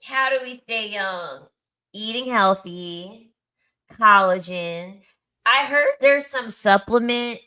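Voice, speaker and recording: A woman's voice: medium pitch, takes it slowly, sharp tone. Blunt, mocking woman in her thirties. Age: 30s. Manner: blunt, crude and mocking, with frequent laughs. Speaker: content creator. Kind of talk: casual storytelling chat.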